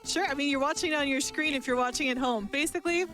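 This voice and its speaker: Quick, high-voiced woman commentator. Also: fairly bright tone, faint music behind. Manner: cheerful, explaining, laughs easily. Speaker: speedrun commentator. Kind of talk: casual game commentary.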